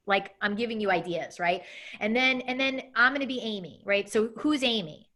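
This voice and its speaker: A woman in her thirties coaching a student live in a webinar. Her voice is bright and forceful. She talks quickly and acts out sample messages with lots of animation. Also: mid-range voice. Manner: fast, animated, acts out example emails. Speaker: coaching instructor.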